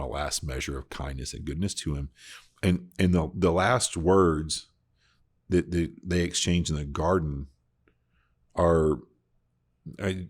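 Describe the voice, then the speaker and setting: A man's voice: a bass voice, breathy edge. A man hosting a casual Bible discussion podcast, talking earnestly and reflectively, often restarting his sentences. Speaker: podcast host.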